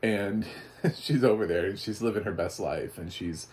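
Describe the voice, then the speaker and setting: A man's voice: on the low side, normal speed, darkish tone, a little hiss or hum. A man giving a casual, chatty spoken movie review, often laughing. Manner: chatty, laughing, mock voices for quotes.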